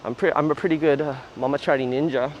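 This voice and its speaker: A man's voice: fairly high pitch, steady tone, fast talker, a little hiss or hum, low-quality recording. A man hosting a casual livestream outdoors on city streets, chatting in a rambling way with lots of fillers. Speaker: livestream host.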